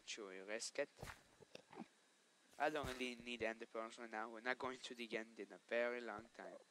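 A man's voice: medium pitch, moderate pace, pushed and bright, slight background noise, rough recording. A man giving casual gameplay commentary, chatting to viewers and scolding the monsters aloud. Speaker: let's play host.

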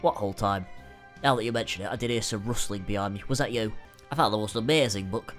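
A man voicing a brusque, bookish young male tinkerer in a gruff, lowered voice while playing a game. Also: quick pace, a bit bright, faint music behind, natural voice.

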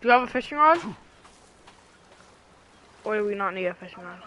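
A woman chatting casually while playing a game with a friend, swearing and teasing, with sudden loud outbursts. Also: medium pitch, lively intonation, brisk, slight background noise, low-quality recording. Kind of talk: casual gaming chat.

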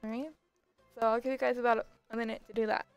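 High-voiced young woman hosting a livestream. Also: fast, clear, resonant tone, soft background music. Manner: excitable, gasps and laughs, squeals when thanked. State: sore throat from screeching. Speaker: livestream host running giveaways. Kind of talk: casual livestream chat.

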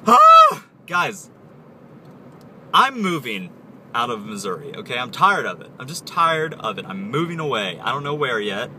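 A young man rambles and jokes in a put-on accent that wobbles between Aussie and British. He records on his phone while driving, so the voice sits a little away from the mic. Road and traffic noise stays clearly audible underneath. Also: mid-range voice, expressive, fairly quick, few pauses, sharp tone, far from the mic. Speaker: vlogger. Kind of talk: casual vlog. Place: inside a moving car. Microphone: phone held while driving.

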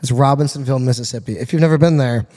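Talking very fast in a medium-pitched voice, a car tuner from Florida guests on a podcast and tells a rowdy tale full of profanity in a casual, animated way. The audio has a long reverb tail and background noise.

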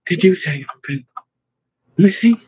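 A man reading an audiobook, voicing a lost young woman in a lifted, anxious voice with a husky edge. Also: on the low side, expressive, a little slow, mellow, lo-fi sound, heavily acted. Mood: bewildered. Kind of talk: audiobook narration.

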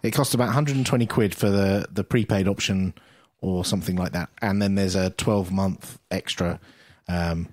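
A man co-hosting a podcast in casual chat, jokey and quick to laugh. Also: low voice, steady tone, a little mellow, no room sound, studio quality. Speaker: podcast co-host.

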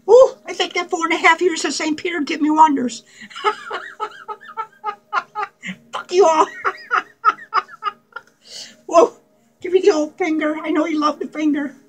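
A man's voice: extremely high pitch, pushed and bright, heavily acted, poor audio. A man playing a manic, unhinged male clown who rambles giddily and crudely in a comedic character vlog, cackling and swearing. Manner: cackling, profane, giddy rambling.

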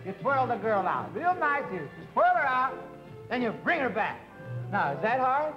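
A man playing an impatient, smooth-talking dance teacher who scolds and coaxes his pupil in a 1950s TV sketch. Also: very high voice, sing-song, moderate pace, over music. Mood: bossy. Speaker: comic actor in a sketch. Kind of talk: 1950s live TV sketch comedy. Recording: dull 1950s broadcast with studio audience laughter.

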